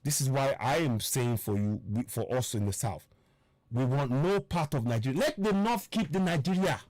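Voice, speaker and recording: A man's voice: medium pitch, lively intonation, moderate pace, darkish tone, no room sound. A man giving an impassioned political monologue, fervent and preachy, repeating himself and firing rhetorical questions. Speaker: political commentator.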